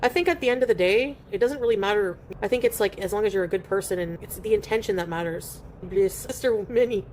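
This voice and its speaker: A woman's voice: medium pitch, quick pace, few pauses, a little mellow, a little hiss or hum. Chatty woman streaming from home. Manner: chatty and rambling, eating while talking. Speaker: live streamer. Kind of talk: casual live-stream chat, reading viewer comments aloud.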